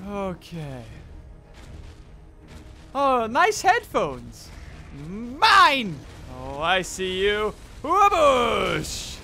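A man hosting a gameplay video, with playful, excitable commentary, laughing and yelping at the action. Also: high voice, very slow, long pauses, soft background music. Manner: playful, laughs and yelps at the game. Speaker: gaming video host.

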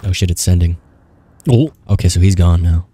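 A man's voice: low-pitched, moderate pace, mellow, husky. A young man giving casual, profane gameplay commentary, rambling and talking back at the screen. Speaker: gaming YouTuber.

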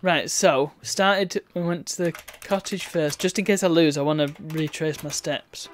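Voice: mid-range voice, normal speed, slight background noise. A game streamer giving chatty, wry let's-play commentary and reading on-screen text aloud.

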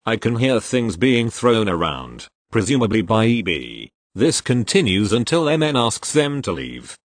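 A man reading online posts aloud as storytelling, in a wry, expressive manner. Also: on the low side, a little slow, dry recording.

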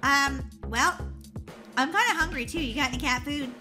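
A woman doing a very high, giggly cat-girl. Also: moderate pace, close to an everyday voice. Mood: goofy. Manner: giggly, goofy, full of meows. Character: silly young girl reborn as a cat. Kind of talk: voiced game role-play. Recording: music playing behind.

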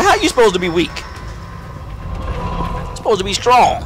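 A man doing excitable, trash-talking commentary on the game he is playing. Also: high-pitched, normal speed, pauses often. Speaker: let's play gamer. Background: game music.

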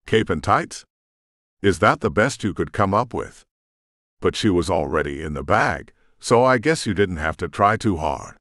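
A man's voice: sits low, lively intonation, moderate pace, fairly bright tone, no room sound, clean studio sound. A man voicing a bitter, vengeful male rogue shifter who taunts and threatens in a sneering way. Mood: mocking.

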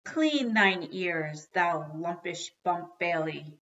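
A woman voicing an excitable dad who bellows and wails theatrical old-style curses, in a dull lo-fi recording. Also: fairly low pitch, heavily acted. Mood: grandly cursing. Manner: bellowing, wailing, drawn-out outbursts.

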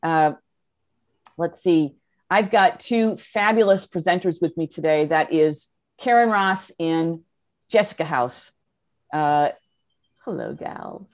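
A woman's voice: deep voice, slow pace. A woman moderating a live webinar, upbeat and effusive, with frequent fillers as she introduces guests.

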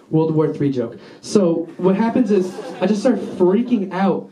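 A young man performs stand-up in a small basement room, and his high voice carries a mellow, warm tone. He tells a rambling, profane story and keeps breaking off to talk to the crowd. The room around him is echoey. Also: very animated, moderate pace. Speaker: stand-up comedian. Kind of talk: stand-up set. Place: small basement venue with a live audience.

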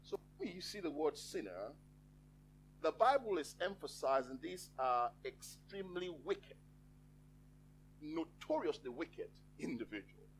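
Guy preaching real slow, voice swoops up and down, bit high, faint hum behind. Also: big pitch swings, rough recording. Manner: slow, emphatic, drawn-out phrasing with dramatic pauses. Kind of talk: sermon. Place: church.

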